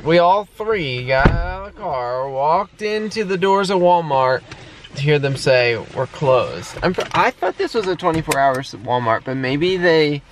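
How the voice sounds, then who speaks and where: A man's voice: a little high, lively intonation, unhurried, background noise. A man chatting casually for a daily vlog, easygoing and jokey, laughing often. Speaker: vlogger.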